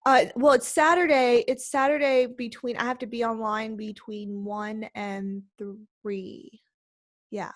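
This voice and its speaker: A woman co-hosting a podcast, chatting casually in an excitable, talkative way. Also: fairly high pitch. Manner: excitable, chatty, quick to laugh. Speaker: podcast co-host.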